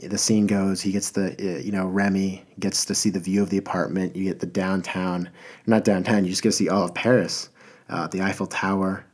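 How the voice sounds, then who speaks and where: Husky low-voiced man rambling on a podcast. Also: level tone, brisk. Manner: rambling, enthusiastic, many fillers and restarts. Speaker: podcast host. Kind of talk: casual podcast monologue.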